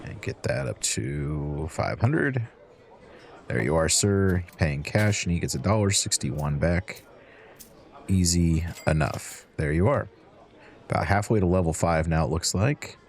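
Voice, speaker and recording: A man's voice: low-pitched, expressive, unhurried, gravelly. A man hosting a let's-play, chatting to in-game customers as he serves drinks and counts out change. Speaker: gaming channel host. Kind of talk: relaxed let's-play commentary.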